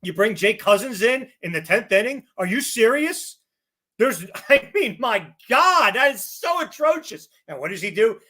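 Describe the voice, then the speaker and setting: Male podcast co-host, furious profane rant, high, bright and sharp. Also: big pitch swings, moderate pace. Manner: angry, shouting bursts, profane. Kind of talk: heated sports rant.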